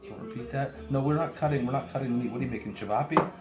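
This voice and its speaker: A man hosting a casual home cooking demonstration, chatting with joking asides while gently scolding a child who is helping. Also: medium pitch, very fast, echoey room, over music. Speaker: home cooking show host. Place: home kitchen.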